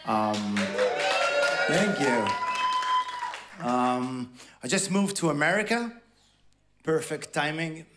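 A man from France with a French accent, performing a stand-up comedy set with a halting, self-deprecating delivery and playful acted quotes. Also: on the high side, lively intonation, over a noisy crowd, heavy background noise. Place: large theatre before a live audience. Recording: stage mic over loud audience laughter.

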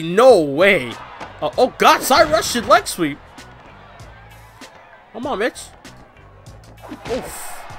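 A young man commentating a wrestling video game, loud, excitable and crude, trash-talking the opponent. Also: high voice. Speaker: gameplay commentator. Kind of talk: let's play commentary.

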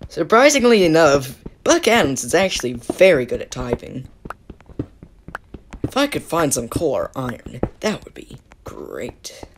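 A woman's voice: sits low, huge pitch swings, unhurried, a little hiss or hum. A woman giving casual, playful commentary on her own gameplay, teasing and self-mocking and dropping silly sound words as she goes. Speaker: gaming video creator.

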